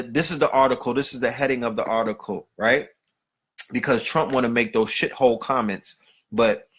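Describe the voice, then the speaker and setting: A man's voice: mid-range voice, fairly bright tone, slightly rough. A man hosting a podcast, delivering a profane, streetwise rant full of rhetorical questions. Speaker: podcast host. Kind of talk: unscripted monologue.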